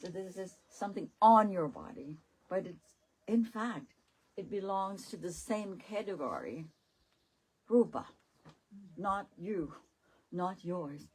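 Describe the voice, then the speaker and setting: A woman's voice: medium pitch, animated, takes it slowly, pauses often, slightly rough, rough recording. A woman, a Buddhist nun, giving a dharma talk at a retreat, laughing often and repeating phrases, with slightly non-native English grammar. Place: retreat center teaching hall.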